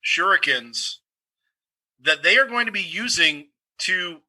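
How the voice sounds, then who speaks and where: A man improvising a self-serious, threatening ninja-obsessed shop owner who speaks haltingly. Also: sits high, lively intonation, bright, forceful tone, full character voice, low-quality recording. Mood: menacing. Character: pompous ninja-obsessed bookstore owner, intense. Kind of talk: improvised comedy.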